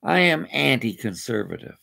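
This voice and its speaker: Gravelly, husky ranter. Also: medium pitch, big pitch swings, normal speed, pushed and bright. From Canada. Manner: ranting, rambling and indignant. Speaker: vlogger. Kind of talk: angry personal rant.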